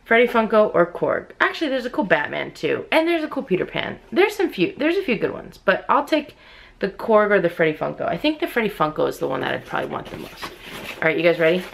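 A young woman vlogging at home, chatting to her viewers as she opens mystery boxes and bursting into excited squeals. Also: mid-range voice, a little fast, creaky, a little hiss or hum. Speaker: unboxing vlogger. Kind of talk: casual unboxing commentary. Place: at home indoors with others asleep.

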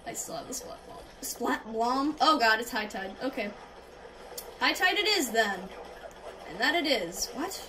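A woman doing gameplay commentary, reacting loudly with exclamations and self-conscious laughter. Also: on the high side, lively intonation, a little slow, recorded from a distance, a little hiss or hum, poor audio. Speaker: gaming YouTuber. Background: game music.

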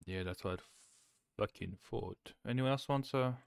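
A man streaming a cooking game, chatting casually, swearing and suddenly shouting. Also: medium pitch, moderate pace, creaky, clear, resonant tone, no echo, clean studio sound. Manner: chaotic, swears, bursts of shouting. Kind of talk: casual gameplay chat.

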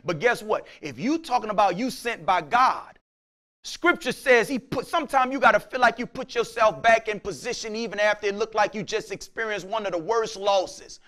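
A man preaching a sermon as pastor, casual in speech, acting out his listeners' voices and swinging from quiet talk to shouts. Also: sits high, animated, moderate pace.

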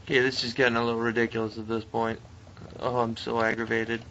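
A young man doing live commentary on a game he is playing, mostly muttering, then breaking into frustrated yells. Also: mid-range voice, monotone, fast, highs cut off, a little hiss or hum. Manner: swings from muttering to frustrated yelling. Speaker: let's play gamer.

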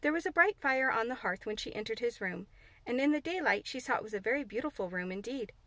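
High-voiced woman reading a storybook. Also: lively intonation, quick pace, pushed and bright, no echo. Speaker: audiobook reader. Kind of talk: scripted narration.

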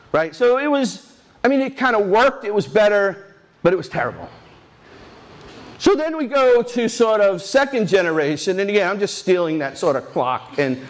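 A man in his sixties giving a rambling, animated talk at a tech conference, telling stories with many restarts and asides. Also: sits high. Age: 60s. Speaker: conference speaker. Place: conference stage.

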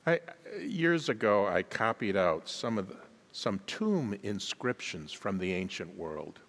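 A man's voice: on the low side, big pitch swings, unhurried, fairly bright tone. Emphatic preacher man, churchy reverb. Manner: emphatic, calls on the congregation to respond; chuckles at his own asides. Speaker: guest pastor. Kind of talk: sermon. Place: large church sanctuary. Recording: long hall reverb in a church.

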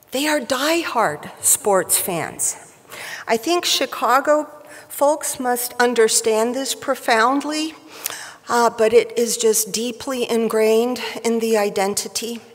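A woman giving a prepared tribute speech at a professional society event, with a wry, measured delivery, at a podium microphone in a large hall. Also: a little high. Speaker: speaker at a surgical society event. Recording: reverberant hall.

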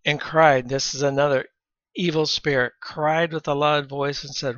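A man giving a Bible teaching lecture, reading scripture aloud between explanations and often clearing his throat, on a dull lo-fi recording. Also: on the high side, fairly even intonation, moderate pace, a bit bright, no echo.

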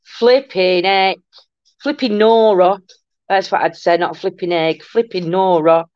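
A woman's voice: on the low side, steady tone, unhurried, dry recording. An older woman, hosting a casual livestream, chatting and greeting viewers with endearments. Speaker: livestream host. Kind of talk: casual live chat reading comments. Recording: muffled lo-fi dry room sound.

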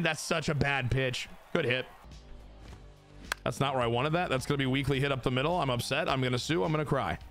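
A man giving casual, excitable commentary on his own baseball video game play, talking to his chat and swearing. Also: a little high. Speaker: gaming streamer.

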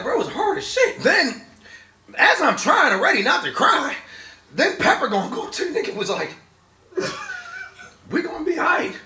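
An excitable young man talks through a movie review, swearing freely and laughing as he goes. His voice is high, bright and swings widely in pitch. He sits back from the mic in an echoey room. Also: recorded from a distance. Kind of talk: animated casual movie review.

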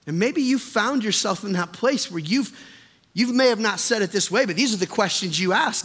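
Male pastor, high bright voice, impassioned sermon delivery, long church-hall reverb. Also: expressive, moderate pace. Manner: impassioned, builds from hushed to loud. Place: church sanctuary.

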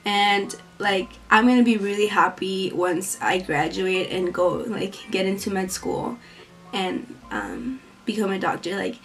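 A woman's voice: medium pitch, unhurried, faint music behind. A young woman, a college student, chatting casually in a Q&A vlog, talking a lot, filling her speech with "like", giggling and acting out the voices of people she quotes. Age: young adult. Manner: talkative, fills every phrase with "like". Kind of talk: casual Q&A chat.

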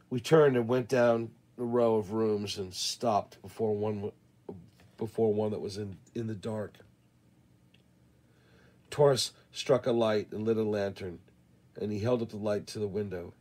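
A man reading a western novel aloud in the first person, measured and deliberate. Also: on the low side, fairly even intonation, a little mellow. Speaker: audiobook reader. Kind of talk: first-person audiobook narration.

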